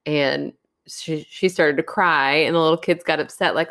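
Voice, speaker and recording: A woman co-hosting a podcast in casual chat, bubbly and expressive, laughing often. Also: sits low, moderate pace. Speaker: podcast co-host.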